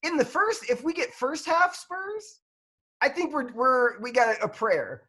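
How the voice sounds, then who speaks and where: A man's voice: very high-pitched, big pitch swings, measured pace, sharp tone. Guy cohosting a football podcast, voice jumps all over, kinda rambly and self-deprecating. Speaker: podcast co-host. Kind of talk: casual football chat.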